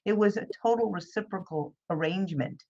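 Woman interview host, affirming and supportive, mid pitch, slightly lo-fi sound. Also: brisk, darkish tone. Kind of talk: casual interview chat. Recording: slightly dull, lo-fi.

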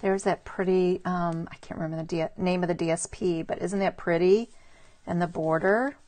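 A woman's voice: lowish voice, fairly even intonation, normal speed, a little mellow. Chatty woman showing handmade cards. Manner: chatty and admiring, greets viewers by name. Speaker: stamping demonstrator showing cards to live viewers. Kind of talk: casual live craft show-and-tell.

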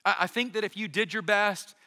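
A man's voice: high voice, fairly quick, pushed and bright, long reverb tail. A man, a pastor, giving a sermon in a conversational, storytelling way with bits of humor.

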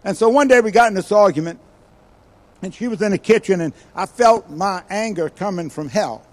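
An older man delivers a sermon as a guest preacher. His voice sits fairly high for a man, and he tells stories with sudden loud, acted-out bursts before dropping into hushed asides. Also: normal speed. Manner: animated storytelling, acts out quoted voices with sudden loud bursts and quiet asides.

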